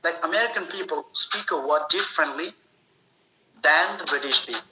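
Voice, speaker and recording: A man giving a spoken English lesson, explaining slowly and deliberately, often repeating and restarting his phrases. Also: fairly high pitch, bright, forceful tone, poor audio. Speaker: English teacher.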